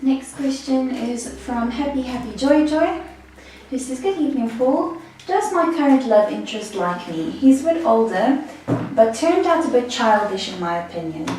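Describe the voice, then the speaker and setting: A woman's voice: on the high side, lively intonation, moderate pace, darkish tone. A woman co-hosting a live stream, reading viewer questions aloud in a plain, matter-of-fact way. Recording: echoey room, mic far off, faint noise.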